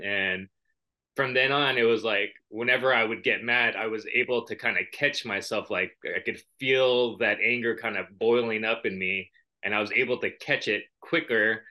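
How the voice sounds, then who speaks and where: A man speaks in a relaxed, reflective podcast conversation, drifting into personal stories. His voice sits a little low yet rings very bright and sharp. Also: moderate pace. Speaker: podcast co-host. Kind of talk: casual chat.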